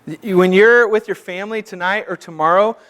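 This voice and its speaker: A man's voice: high-pitched, brisk, fairly bright tone. A male pastor giving a sermon in a church, conversational and self-deprecating, building to fervent exhortation.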